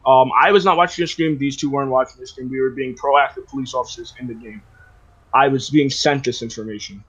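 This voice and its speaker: A man's voice: mid-range voice, fairly even intonation, fast talker, a bit bright, slightly rough, highs cut off. A man in casual voice chat, rambling as he retells a conversation, full of fillers and restarts. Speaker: roleplay server player.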